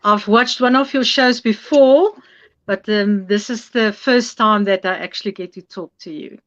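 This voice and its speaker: A woman's voice: medium pitch, moderate pace, dull audio. A woman caller, speaking friendly and giggly. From South Africa.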